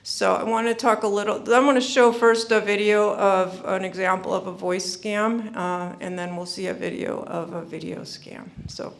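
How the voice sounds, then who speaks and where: A woman with a light gravelly edge talks to an audience in a plain, informal way. Her is easy, and she repeats warnings with earnest insistence, with plenty of ums along the way. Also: medium pitch, steady tone, moderate pace, few pauses. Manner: earnest, repeats herself, many fillers. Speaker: speaker at a senior scam-prevention summit. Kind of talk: informal presentation.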